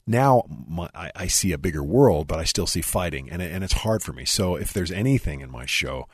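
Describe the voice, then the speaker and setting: A middle-aged man, a musician, talking earnestly and at length in an animated interview. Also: deep voice, a little fast, husky, no room sound, studio quality. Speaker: musician guest. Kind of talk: conversational interview.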